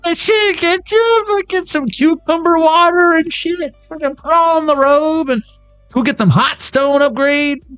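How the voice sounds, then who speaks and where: A man putting on a high, sassy voice as a gushing friend who urges a pampering, stretching out his words. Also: fairly bright tone, faint music behind. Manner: sassy, emphatic, drawn-out.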